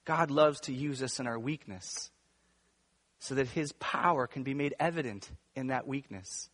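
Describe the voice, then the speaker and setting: A male pastor preaching a sermon, moving between hushed, intimate stretches and emphatic, raised passages. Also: mid-range voice, moderate pace. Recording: long reverb of a large room.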